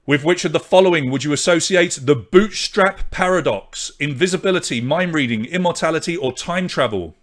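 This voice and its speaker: A man hosting a live online pub quiz, from Britain, briskly reading out questions, answers and scores and chatting with viewers. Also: on the high side, lively intonation, fairly bright tone.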